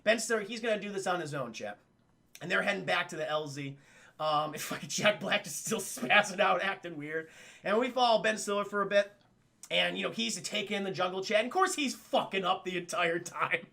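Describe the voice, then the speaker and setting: A man's voice: high voice, a little fast, vocal fry. A man casually recapping a film for his live-stream chat, swearing often and talking to the chat directly. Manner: profane, excitable, keeps addressing the chat.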